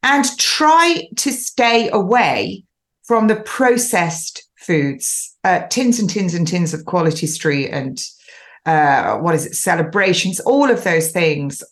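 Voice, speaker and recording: A woman's voice: on the low side, lively intonation, slow pace. A woman in her fifties hosting a show, giving chatty, instructive advice in a casual monologue. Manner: chatty, instructive, laughs now and then. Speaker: show host.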